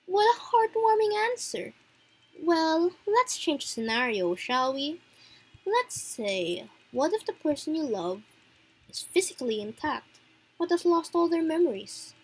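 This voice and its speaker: A mocking, theatrical mystery man, as a woman reads him, smooth and taunting. He sounds high for a man, and every question comes out as a cool, teasing challenge. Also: very animated, measured pace, rough recording.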